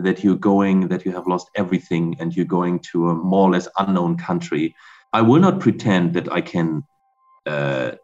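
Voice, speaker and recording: A man reporting from a border crossing in a remote interview, speaking haltingly and searching for his words. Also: sits low, darkish tone. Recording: dull lo-fi remote line.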